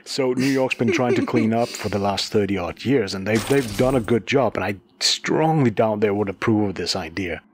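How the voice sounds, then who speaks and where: A man's voice: fairly low pitch, moderate pace, hardly any pauses, a little hiss or hum. A man co-hosting a podcast who explains news stories in a chatty, casual way. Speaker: podcast co-host. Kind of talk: casual chat.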